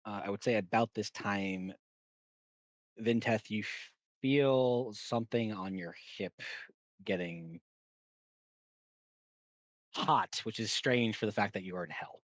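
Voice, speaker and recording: A man narrating calmly as game master of a tabletop game. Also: lowish voice, slow pace, long pauses, dry recording, low-quality recording.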